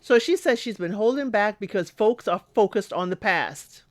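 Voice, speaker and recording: A woman's voice: medium pitch, expressive, normal speed, no room sound. Chatty woman with a dry, close sound. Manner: chatty, talks back to the people she recaps. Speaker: recap host. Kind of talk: casual recap commentary.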